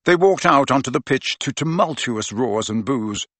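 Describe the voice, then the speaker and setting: Expressive male audiobook narrator. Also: medium pitch, normal speed, dry recording. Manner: expressive storytelling. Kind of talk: scripted narration.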